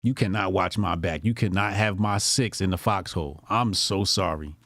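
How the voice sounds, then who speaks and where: A man's voice: low voice, normal speed, fairly bright tone, dry recording, studio quality. A man giving casual, mocking reaction commentary as a streamer, exasperated and profane.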